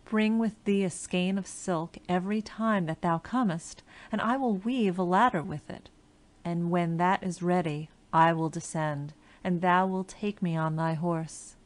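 A gentle, innocent young maiden from a storybook, as a woman reader voices her, speaking softly and earnestly. Her voice sits a little lower than most women's and moves at an unhurried pace. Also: lightly acted.

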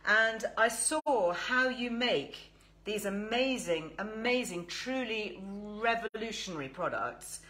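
A woman's voice: mid-range voice, animated, takes it slowly, pushed and bright, poor audio. An English woman hosting a live stream, chatting enthusiastically and greeting viewers. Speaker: host.

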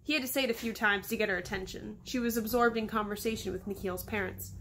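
A woman's voice: mid-range voice, quick pace, few pauses, a bit bright, slight background noise. A woman reading aloud from her children's novel at home, giving the boys' lines small voice shifts. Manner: stops to talk to her dog, then goes on reading. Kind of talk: storybook reading.

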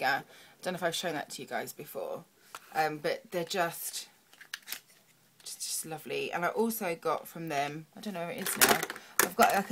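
A woman's voice: fairly low pitch, background noise. A young woman chatting through a makeup tutorial, muttering to herself as she works. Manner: chatty, talks to herself while working, soft murmurs. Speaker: beauty vlogger.

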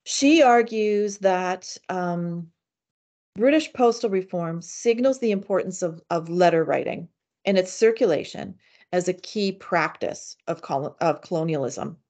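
A woman giving an academic seminar paper in a measured way, with frequent fillers and restarts. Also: fairly low pitch, lively intonation, darkish tone. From Canada. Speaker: academic speaker. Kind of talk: seminar lecture reading a paper.

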